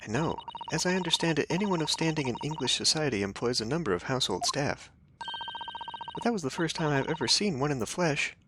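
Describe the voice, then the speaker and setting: A man's voice: a little high, expressive, brisk, background noise, voice pushed up, lightly acted. A man voicing an earnest, well-spoken young woman assistant in a lifted voice.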